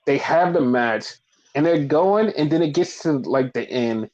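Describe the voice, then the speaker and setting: A man's voice: fairly high pitch, lively intonation, measured pace, a little mellow, highs cut off. A man hosting a podcast, recapping in a blunt, profane, rambling casual chat. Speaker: podcast host.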